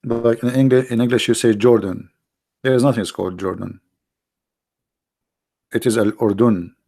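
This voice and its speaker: A man with an Arabic accent hosting a live online talk, animated and mocking, often repeating himself. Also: mid-range voice, normal speed, gravelly. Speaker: online show host. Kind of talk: casual live-stream talk.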